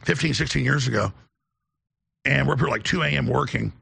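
Guy hosting a show, super gravelly voice, kinda husky, rambles off on tangents. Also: medium pitch, brisk, sharp tone. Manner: rambling, digressive anecdotes. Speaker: show host. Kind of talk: casual on-air storytelling.

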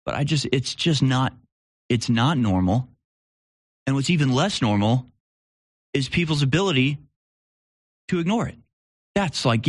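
A man's voice: mid-range voice, no room sound, clean studio sound. A man hosting a live commentary show, talking in a rambling way with restarts and sarcastic asides. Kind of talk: casual opinion commentary.

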